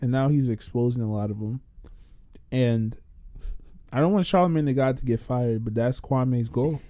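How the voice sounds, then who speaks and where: A young man co-hosting a podcast in casual chat, animated and slangy, swearing freely. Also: medium pitch, moderate pace, no room sound. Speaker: podcast co-host. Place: podcast studio.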